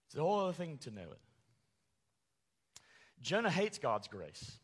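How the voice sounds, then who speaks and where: A man preaching a sermon as pastor, animated, acting out angry quotes with sarcasm. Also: on the high side, normal speed, husky, long reverb tail.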